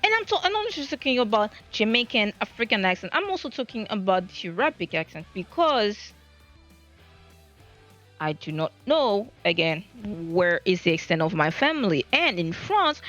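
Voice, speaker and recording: A woman's voice: medium pitch, very animated, moderate pace, a bit bright, highs cut off, soft background music. A woman streamer talking in a casual live-stream monologue, rambling and flustered, often stammering and restarting her sentences.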